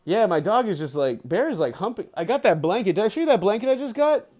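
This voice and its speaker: An animated male streamer reads a book aloud live and drifts into casual chat with his viewers. His pitch swings widely and sits a bit high, while the tone stays mellow. He laughs easily and often restarts a phrase to correct himself. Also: quick pace. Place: home, with pet dogs nearby.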